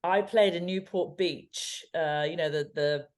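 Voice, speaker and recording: A woman from just outside London co-hosts a casual podcast, her Home Counties English accent bright with anecdotes. Her voice sits on the lower side, and she talks in a chatty way, laughing often. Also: measured pace. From England. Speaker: podcast co-host. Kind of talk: casual chat.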